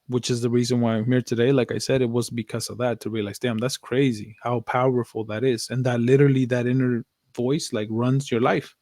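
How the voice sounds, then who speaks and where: A man's voice: medium pitch, no echo, studio quality. A young adult man co-hosting a podcast, reflective and earnest in casual chat, swearing casually and dropping in some Spanish. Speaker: podcast co-host.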